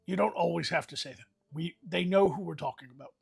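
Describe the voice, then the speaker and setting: High, gravelly man rambling a mock eulogy. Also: quick pace, soft background music. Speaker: host leading an improvised fantasy guild meeting. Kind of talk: improvised comedic role-play livestream.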